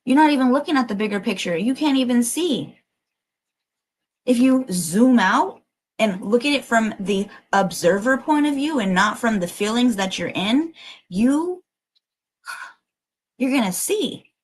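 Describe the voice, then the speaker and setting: A woman's voice: fairly high pitch, animated, unhurried, pauses often, rough recording. A woman giving a livestreamed collective tarot reading, emotional and emphatic, urging listeners on and swearing casually. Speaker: tarot reader.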